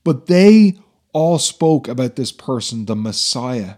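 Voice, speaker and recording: Man, mid-pitched, earnest teacherly explainer for a Bible talk. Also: very animated, takes it slowly, mellow. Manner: earnest, explanatory, many fillers.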